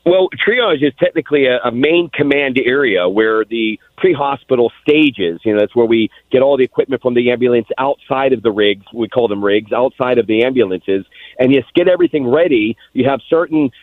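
A man, calling in to recall his time as a rescue volunteer, halting and tearful, repeating words as he speaks. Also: medium pitch, dry recording. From Pittsburgh, USA. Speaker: caller, former EMT volunteer. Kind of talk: emotional phone-in recollection. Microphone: telephone. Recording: tinny phone line.

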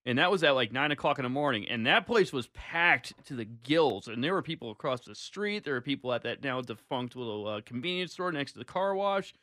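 A man's voice: medium pitch, lively intonation, brisk, hardly any pauses, bright, forceful tone, no echo, clean studio sound. A man co-hosting a casual talk show, adding wry, sarcastic asides. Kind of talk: casual talk radio chat.

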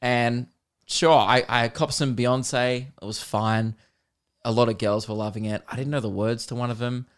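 A man's voice: mid-range voice, steady tone, moderate pace, smooth. A man in his thirties with an Australian accent, hosting a comedy podcast and telling an exasperated story with lots of laughing and swearing. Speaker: podcast host.

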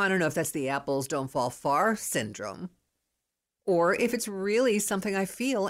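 A woman in her fifties hosting a podcast, talking in an excitable, rambling, emphatic way as she gives motivational advice. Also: mid-range voice. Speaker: podcast host.

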